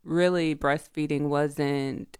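A woman's voice: deep voice, steady tone, takes it slowly, a little mellow, clean tone, no echo, studio quality. A woman healthcare guest on a panel chat, speaking in an emphatic, earnest way.

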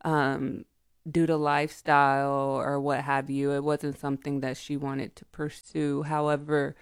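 A woman's voice: low-pitched, little pitch movement, measured pace, clear, resonant tone, dry recording, studio quality. A woman healthcare guest on a panel chat, speaking in an emphatic, earnest way.

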